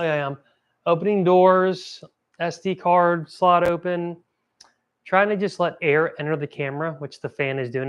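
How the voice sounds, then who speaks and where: A man's voice: fairly high pitch, smooth, lo-fi sound. A young man hosting a casual product review vlog, talking with rambling enthusiasm and correcting himself as he goes. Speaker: host.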